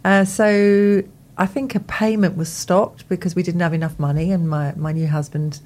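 A woman's voice: on the low side, flat delivery, normal speed, darkish tone. A woman, co-hosting a radio show in casual, rambling on-air chat and laughing easily.

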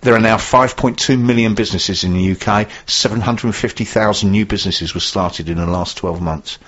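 A man hosting a business radio show, reading news items in a brisk, jokey way. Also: fairly low pitch, fairly bright tone, husky, highs cut off. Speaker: radio host.

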